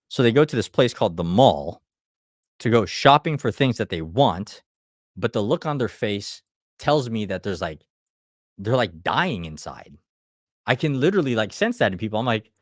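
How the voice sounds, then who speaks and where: A man's voice: mid-range voice, no echo, clean studio sound. A man giving a live motivational talk as a life coach, blunt and swearing often, with frequent restarts. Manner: blunt, heavy swearing, repeats himself.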